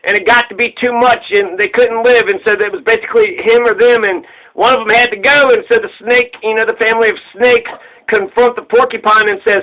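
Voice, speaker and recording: A man's voice: very high voice, fairly even intonation, a little fast, bright, forceful tone, rough recording. A man casually retelling an old fable in a loose, rambling way, swearing freely and laughing at his own jokes.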